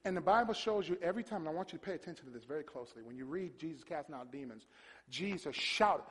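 A male preacher giving an animated sermon, mocking and swinging from hushed to shouting. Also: on the high side, fast, breathy edge, big-room sound.

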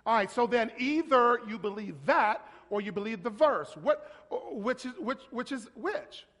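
A man's voice: extremely high pitch, expressive, unhurried, fairly bright tone. A man preaching a sermon as pastor, calling on congregation members and prompting them to finish verses. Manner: call-and-response, prompting listeners to finish verses; talks directly to a congregation member. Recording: long reverb of a large hall.

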